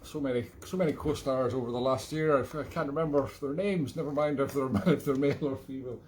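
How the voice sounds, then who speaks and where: A Scottish man, an accordion player hosting a live online gig from his flat, chatting between tunes in a rambling, self-mocking, jokey way. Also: medium pitch, fast talker, a little hiss or hum. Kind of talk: casual chat between tunes.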